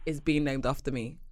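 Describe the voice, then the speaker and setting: A young woman guest on a podcast, chatting casually, expressive and quick to laugh. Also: extremely low pitch. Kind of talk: casual chat.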